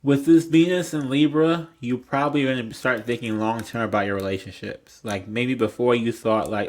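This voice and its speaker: A young man with a mid-range, slightly mellow voice gives a casual tarot reading at a moderate pace, his intonation fairly even and his pauses few. He rambles and speaks bluntly, swearing freely and peppering everything with "like".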